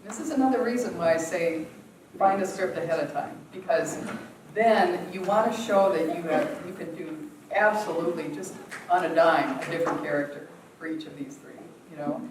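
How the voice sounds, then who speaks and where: A woman's voice: lowish voice, normal speed. Acting teacher, woman, casual Q&A, recorded from across an echoey room. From United States. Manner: chatty, laughs often, many fillers. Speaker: acting workshop leader. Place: theatre workshop room. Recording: roomy, distant, faint noise.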